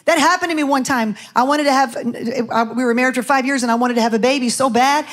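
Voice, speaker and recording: High-voiced woman pastor preaching. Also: steady tone, brisk. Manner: storytelling, chatty asides to the congregation. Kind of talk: sermon. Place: church sanctuary.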